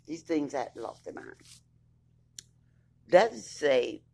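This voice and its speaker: A woman's voice: deep voice, sing-song, takes it slowly, vocal fry, a little mellow, slight background noise. A woman telling her own court story in a blunt, indignant way, swearing freely and reading papers aloud. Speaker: vlogger recounting her court case. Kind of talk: emphatic personal account, reading documents aloud.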